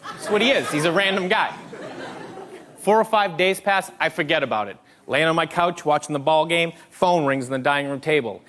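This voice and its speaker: A man telling a stand-up comedy story, animated and acting out the voices of people in it, recorded live on stage. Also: on the high side, moderate pace. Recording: live crowd and noise on a played clip.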